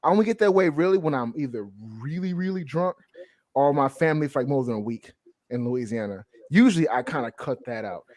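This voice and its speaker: A man from the Southern United States hosting a casual comic-review podcast, animated and joking, with frequent laughs and restarts. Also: on the high side, brisk, no room sound, clean studio sound. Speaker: podcast host. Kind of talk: casual chat.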